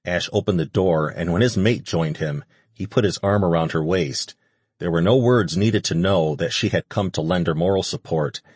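A man reading an audiobook as narrator, in a steady, measured way. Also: low voice, husky, dry recording. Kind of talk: scripted narration.

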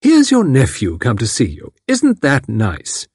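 A man voicing a calm, competent middle-aged woman who talks cheerfully and comfortably. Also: mid-range voice, normal speed, breathy edge, no echo, clean studio sound. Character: calm competent matron of about fifty.

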